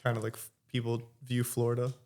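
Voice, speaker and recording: A man hosting a podcast, chiming in with short, chatty questions and quick interjections. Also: mid-range voice, monotone, warm tone. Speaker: podcast host. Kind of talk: casual interview.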